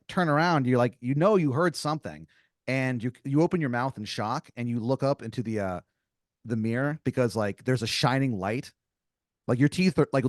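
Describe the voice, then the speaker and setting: A man's voice: mid-range voice, no echo, studio quality. A man improvising a story as game master on a comedy podcast, rambling with lots of fillers.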